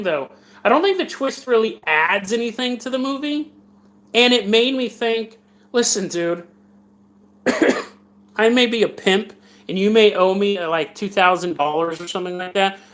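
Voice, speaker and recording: A man's voice: high voice, a bit bright. A man hosting a film podcast, recapping a movie in a rambling, joking way and acting out the characters' lines. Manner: rambling, jokey, acts out quotes in funny voices. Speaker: podcast host reviewing films. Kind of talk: casual movie recap for a live stream audience.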